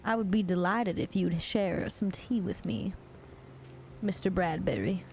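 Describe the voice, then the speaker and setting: A prim Southern belle drawls every word with flowery politeness, as a woman puts her on for her chat. The voice sits at an ordinary pitch, stretched out in slow, genteel phrases, with a faint hiss behind it. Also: a little mellow, low-quality recording. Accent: American Southern, put on. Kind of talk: improvised voice for livestream chat.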